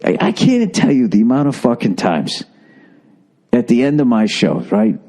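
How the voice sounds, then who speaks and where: Animated ranting comic man. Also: medium pitch, moderate pace. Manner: profane ranting, repeats words while building up. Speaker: podcast host. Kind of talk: casual comic monologue.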